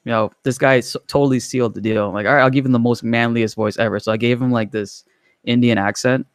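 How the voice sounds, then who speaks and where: A man's voice: mid-range voice, fairly even intonation, fast talker, clean tone, dry recording, studio quality. A man in a casual gaming chat, telling loose stories and laughing often.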